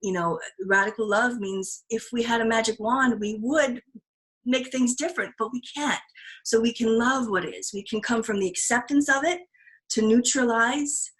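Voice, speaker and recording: A woman's voice: fairly high pitch, normal speed, a bit bright, low-quality recording. Earnest, reflective woman podcast host. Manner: earnest and reflective, with frequent restarts and laughs. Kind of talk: casual podcast conversation.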